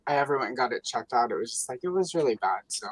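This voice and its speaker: A woman's voice: extremely low pitch, lively intonation, fast, a loud crowd, rough recording. Chatty, rambling woman host. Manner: rambling, lots of fillers, chatty. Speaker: livestream host. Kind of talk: casual livestream chat.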